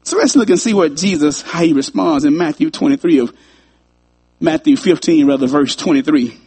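A man's voice: on the high side, normal speed, a little mellow, husky. A man preaching a sermon in a conversational way, chuckling often and repeating his phrases.

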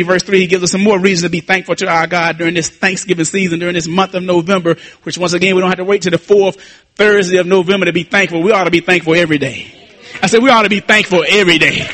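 A male pastor preaching a sermon, repeating phrases and rising to shouts at the peaks. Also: sits high. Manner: repetitive call-and-response preaching, shouting at peaks.

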